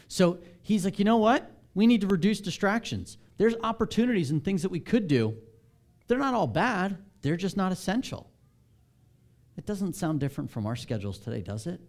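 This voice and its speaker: A man's voice: fairly high pitch, darkish tone. A man, a pastor with children, giving a candid, self-deprecating, conversational sermon.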